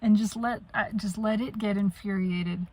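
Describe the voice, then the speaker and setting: Blunt, halting woman venting. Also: medium pitch, steady tone, a little mellow, low-quality recording. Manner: blunt, profane, halting, with trailing pauses. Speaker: vlogger. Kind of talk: personal venting monologue.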